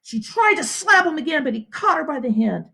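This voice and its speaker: A woman school principal reading a novel aloud to her students with expressive storytelling. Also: sits high, brisk, vocal fry. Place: home, livestream.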